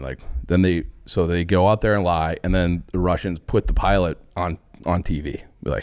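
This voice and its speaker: A man's voice: sits low, fairly even intonation, normal speed, few pauses, darkish tone, clean tone. A young man casually explaining history on a podcast, rambling with lots of fillers and loose quotes. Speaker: podcast guest.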